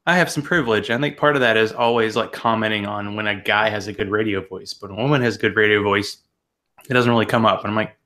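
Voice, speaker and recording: A man's voice: fairly low pitch, fairly even intonation, fast talker, pushed and bright. A man hosting an interview podcast, delivering a playful, exaggerated intro and joking with his guest. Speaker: podcast host.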